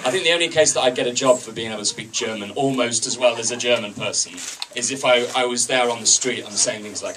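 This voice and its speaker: A man's voice: mid-range voice, quick pace, hardly any pauses, distant mic, background noise. A man doing open-mic stand-up in a comedy club, chatty with the crowd and wryly self-deprecating.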